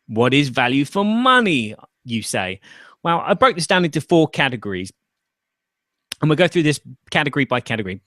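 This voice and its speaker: A man's voice: mid-range voice, bright, forceful tone, no room sound, studio quality. A man hosting a casual chat about board games, thinking aloud with fillers and restarts. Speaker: podcast host.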